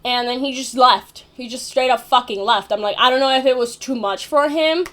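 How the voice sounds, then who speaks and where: A young woman with a high voice tells a story in a loose, rambling way. She leans on fillers, restarts her sentences and swears now and then. She sounds like she is chatting to a camera. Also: normal speed, a bit bright. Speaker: vlogger. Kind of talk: casual storytelling.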